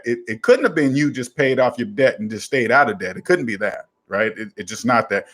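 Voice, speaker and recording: Brisk and barely pausing, a finance show host with a slightly bright, mid-range voice gives casual, forceful advice to a listener, hammering home the same simple formula repeatedly.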